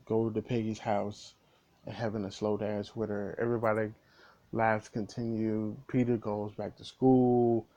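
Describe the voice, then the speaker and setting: Brief: male movie reviewer, lowish warm voice, animated scene-by-scene retelling with stumbles. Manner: animated retelling, frequent restarts and repeated words. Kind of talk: casual spoiler recap.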